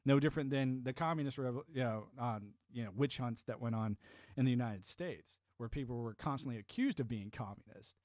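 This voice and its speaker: A man's voice: medium pitch, fairly quick, darkish tone, no room sound. Rambling man streamer, dry close mic. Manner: rambling, restarts, laughs to himself. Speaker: livestream host. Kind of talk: casual chat reading and answering live chat.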